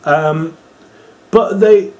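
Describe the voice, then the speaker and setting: A man's voice: fairly high pitch, drawn-out words. A young man giving a casual, exasperated review full of sarcasm and fillers like "uh" and "like". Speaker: wrestling reviewer.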